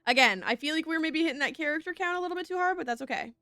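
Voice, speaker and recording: A young woman streams a video game with casual chatter, occasional swearing, and game text read aloud. Her high voice comes rapid-fire, pushed and bright, over game music in a dry recording.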